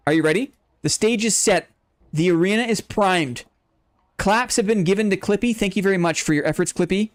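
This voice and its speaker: A man hosting a live game stream, playfully teasing his chat and calling in-game fights like an announcer. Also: sits high. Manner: builds hype like a fight announcer.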